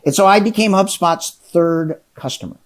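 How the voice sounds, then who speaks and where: A man's voice: high-pitched, normal speed. A middle-aged man, an entrepreneur and interview guest, telling his story with lots of energy and enthusiasm in a casual chat. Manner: energetic, enthusiastic, acts out dialogue.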